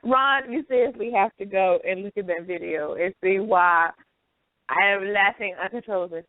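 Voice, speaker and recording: A woman's voice: medium pitch, moderate pace, no echo. A woman hosting a casual chat show, telling stories with frequent laughter. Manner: laughs often, animated storytelling. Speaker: host. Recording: tinny phone line.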